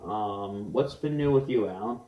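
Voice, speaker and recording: A young man co-hosting a casual podcast chat, rambling and restarting his sentences, speeding up and slowing down. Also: on the low side, dull audio. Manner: rambling, restarts often, quick bursts then slow. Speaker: podcast co-host. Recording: roomy echo.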